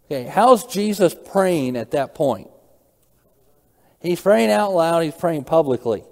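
A man's voice: on the high side, animated, slow pace, gravelly, long reverb tail. A man preaching an expository sermon, walking through scripture and asking the listeners rhetorical questions. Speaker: pastor.

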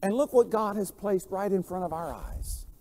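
A man preaching a sermon, telling stories and swinging between quiet, low passages and loud, emphatic lines. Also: moderate pace, in a large hall. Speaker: pastor.

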